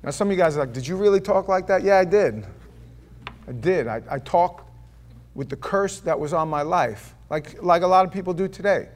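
New preacher guy, kinda high voice, tells stories then booms out scripture, drops to a mutter for asides. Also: normal speed. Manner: animated, swings between loud declaiming and hushed asides. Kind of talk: sermon with personal storytelling. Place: church before a live congregation.

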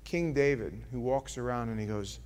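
A man preaching a sermon as pastor, earnest and pleading, dropping from loud passages to hushed ones. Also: mid-range voice, normal speed, smooth.

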